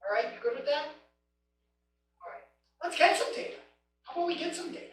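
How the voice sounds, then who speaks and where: A woman's voice: sits high, fast. A woman giving an equipment training class, stressing each step with emphatic instructions to the group. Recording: echoey room, mic far off, faint noise.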